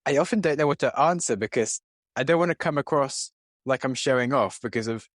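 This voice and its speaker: A British man hosts a podcast interview, chatty and self-deprecating, stopping and starting with fillers. His voice is at a middle pitch and recorded dry and close. He sounds relaxed and informal. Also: a little fast, no room sound.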